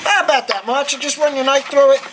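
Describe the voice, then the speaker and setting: A high-voiced woman hosts a home cooking lesson, chatty and full of exclamations as she walks through each step. Clear guitar music plays behind her voice. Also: steady tone, quick pace, low-quality recording. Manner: chatty, upbeat, often exclaims "boom" and asks "okay?". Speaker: cooking show host. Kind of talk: casual cooking demonstration.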